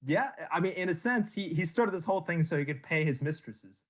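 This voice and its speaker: A man hosts a casual history podcast, telling the story with jokes, comic character voices, and laughter of his own. His voice is a little high and his pace slightly fast.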